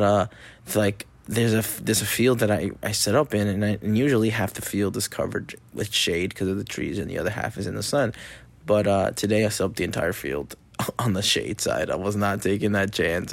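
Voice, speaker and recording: A man's voice: fairly low pitch, brisk, gravelly, no room sound. A young man, a youth soccer coach, chatting casually into a mic, rambling, swearing freely and acting out what people said. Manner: loose and rambling, swears a lot, acts out quotes. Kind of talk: casual solo chat on a mic. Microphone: talking into a mic.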